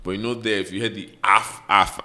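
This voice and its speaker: A young man, speaking in a fairly low voice. He co-hosts a casual podcast chat and tells rambling, animated stories packed with "like". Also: brisk. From Nigeria. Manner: rambling, animated, heavy use of "like". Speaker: podcast co-host.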